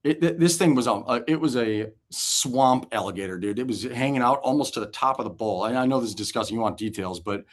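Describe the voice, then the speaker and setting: A man around forty, a former pitcher guesting on an interview show, telling locker-room stories in a loose, animated way, swearing freely and laughing as he goes. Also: a little fast, few pauses. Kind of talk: casual storytelling interview.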